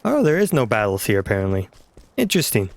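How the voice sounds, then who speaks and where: A man's voice: lowish voice, wildly swooping pitch, quick pace, vocal fry. A man casually commenting on a video game he plays, rambling and trailing off. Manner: rambling, chuckling, trails off mid-sentence. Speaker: let's play host.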